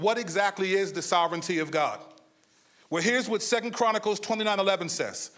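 A man preaching a sermon, moving between lively storytelling and hushed, slow emphasis. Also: high-pitched. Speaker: pastor.

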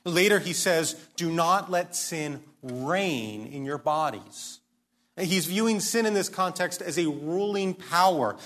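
A man's voice: a little high, fairly bright tone. A man preaching a sermon, earnest and emphatic, often posing questions and restarting his sentences. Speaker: pastor.

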